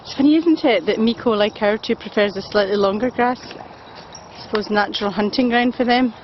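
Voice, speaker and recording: A woman filming on her phone while walking a pack of dogs outdoors, chatting and calling to the dogs in a high sing-song voice. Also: normal speed, highs cut off, a little hiss or hum. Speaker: dog daycare walker filming a walk. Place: outdoors in woods and fields by a loch. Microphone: phone camera held while walking.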